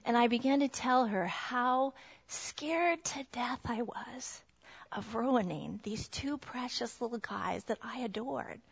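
A woman's voice: fairly high pitch, slow, gravelly, slightly rough. A middle-aged woman giving a heartfelt Christian testimony talk to a mothers' group. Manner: earnest, heartfelt storytelling. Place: meeting room with a group of women. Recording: dull lo-fi recording.

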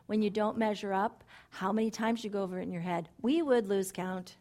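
A middle-aged woman giving sermon-style Bible teaching to women, animated and emphatic, repeating phrases and dropping into soft asides. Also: mid-range voice, a little fast. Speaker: women's ministry speaker.

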